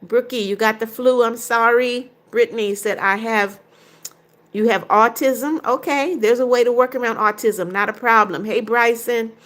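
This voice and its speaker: A woman's voice: on the high side, normal speed, fairly bright tone. An older woman hosting a livestream, reading viewers' chat comments aloud and answering each one briefly in a casual way.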